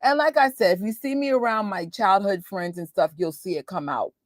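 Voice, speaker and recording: A woman's voice: medium pitch, fairly quick, dry recording, studio quality. A woman with a New York accent, chatting casually and laughing with viewers as host of a movie watch party. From New York, USA. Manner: chatty, laughing, quotes voices. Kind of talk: casual chat with live viewers.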